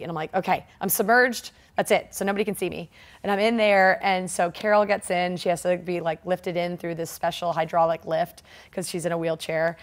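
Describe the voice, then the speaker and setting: Woman in her forties, animated, laughing, acts out quotes, casual interview. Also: lowish voice. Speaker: triathlete guest.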